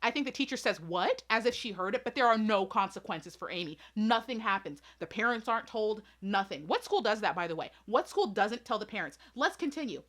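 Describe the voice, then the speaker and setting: A woman's voice: mid-range voice, expressive, fairly quick, hardly any pauses, fairly bright tone. A woman reviewing a movie in an indignant, emphatic way, firing rhetorical questions and talking straight to her audience.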